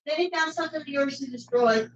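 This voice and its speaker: A woman's voice: high voice, fast talker, dull audio. A woman chiming in from across the room, making teasing remarks away from the host's mic. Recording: distant off-mic voice, noisy.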